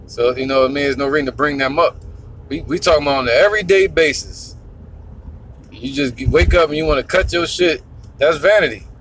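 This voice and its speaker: A man's voice: mid-range voice, a bit bright, a little hiss or hum. A man giving a casual, profane, rambling religious talk, teaching as he drives. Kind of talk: casual preaching monologue.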